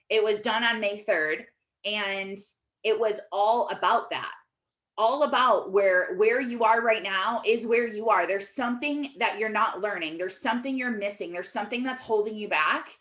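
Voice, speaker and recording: A woman in her thirties talks casually as a coach, telling stories in a loose, animated way. Her speech is peppered with fillers and quick asides, in a voice of middling pitch. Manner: chatty, animated storytelling with many fillers. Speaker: life coach. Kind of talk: casual teaching talk.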